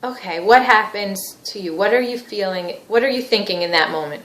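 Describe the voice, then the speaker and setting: A woman therapy trainer teaching through role-play, explaining her steps and gently probing and validating as the therapist. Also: mid-range voice, brisk. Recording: echoey room.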